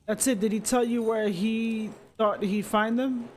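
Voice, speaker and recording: A man's voice: high-pitched, steady tone, a little slow, a little hiss or hum. A man reading a curious young Frenchwoman. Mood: inquiring. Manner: plain, questioning.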